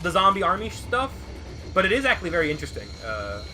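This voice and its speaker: A man's voice: high-pitched, fast talker, a little hiss or hum. A man co-hosting a let's play, telling rambling, profane stories in casual gameplay commentary and acting out voices as he goes. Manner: animated, acts out voices in anecdotes.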